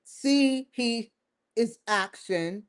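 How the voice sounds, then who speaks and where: A woman hosts her own show, delivering an emphatic, rambling opinion piece that circles back and repeats its points. Her voice is a little high and very slow.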